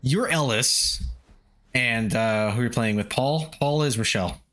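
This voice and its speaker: A man's voice: mid-range voice, unhurried, a bit bright. A man streaming a game live, talking through it with constant swearing and panicky outbursts. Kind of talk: live gameplay commentary.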